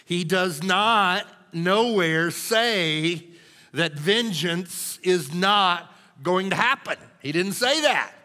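Male pastor, sermon, fairly high voice, bright and forceful, emphatic, long hall reverb. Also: slow. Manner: emphatic, animated, checks in with "okay?".

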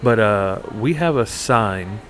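Low-voiced man telling a story. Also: animated, takes it slowly, a bit bright, a little hiss or hum. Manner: rambling storyteller, many fillers and restarts. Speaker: podcast co-host. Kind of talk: casual chat.

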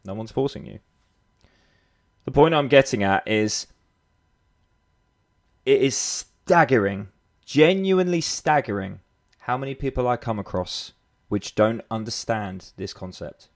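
A fitness coach with a British accent talks straight to the camera in a blunt, profane, rambling way. His voice sits at an ordinary male pitch, and he drives his points home with repetition. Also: animated, a little slow, long pauses. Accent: British English. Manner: blunt, sweary, rambling with road metaphors. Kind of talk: motivational monologue.

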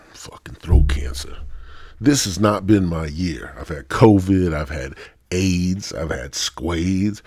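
A man's voice: low voice, a little mellow, husky, no room sound, clean studio sound. A man hosting a solo podcast, rambling and swearing with a stoned, sore-throated manner. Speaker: podcast host. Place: home studio.

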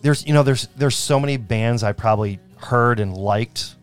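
A man in his thirties co-hosting a podcast, chatting in a rambling way and quick to laugh. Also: mid-range voice, clean tone, faint music behind. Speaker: podcast co-host. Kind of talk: casual chat.

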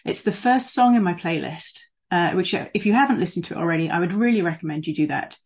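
Woman preaching on a video call, kinda husky, gentle measured prayers then chatty asides. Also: on the low side. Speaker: guest speaker.

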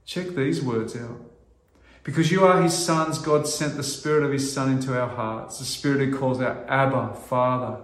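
Earnest middle-aged male preacher, echoey hall. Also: medium pitch. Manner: earnest, halting with restarts, rising to loud emphasis. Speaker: pastor. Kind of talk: sermon.

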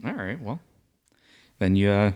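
A man's voice: on the low side, expressive, unhurried, a little mellow. A man in casual podcast chat who laughs a lot and jokes drily.

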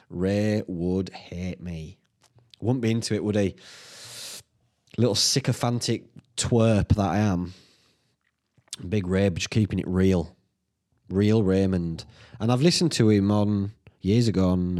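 A man with a Northern English accent, hosting a solo podcast, thinking out loud in a sweary, self-mocking way. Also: on the low side. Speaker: podcast host. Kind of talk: rambling solo podcast chat.

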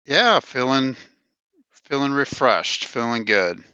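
A man's voice: mid-range voice, animated, slow pace, pushed and bright, smooth, no echo, dull audio. A man co-hosting a casual sports podcast, going through stats and quotes with plenty of "uh"s. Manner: reads stats and quotes, with filler "uh"s. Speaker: podcast co-host.

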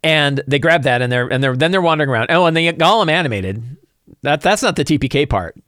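Game master, male, rambling and lively, dry close sound. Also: a little high, fast, no room sound. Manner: rambling with many restarts. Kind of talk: casual game prep talk.

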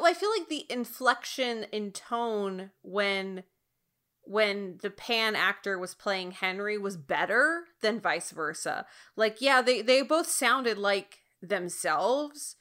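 A woman's voice: medium pitch, unhurried, sharp tone. A woman co-hosting a casual TV recap podcast, chatty and acting out characters' lines. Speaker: podcast co-host.

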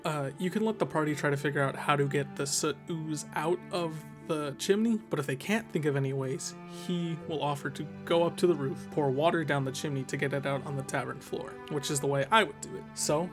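A man with a slightly higher voice talks through a tabletop monster encounter, relaxed and chatty, leaning on fillers as he goes. A music bed plays clearly beneath him throughout. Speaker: podcast host presenting a tabletop monster. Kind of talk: casual explanatory talk about game design.

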